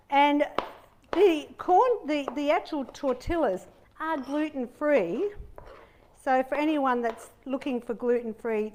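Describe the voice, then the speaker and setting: A middle-aged woman hosts a casual cooking demonstration in her home kitchen, chatting upbeat to viewers while she chops and fries. Her voice sits high, with a little hiss or hum, and a pan sizzles among kitchen clicks.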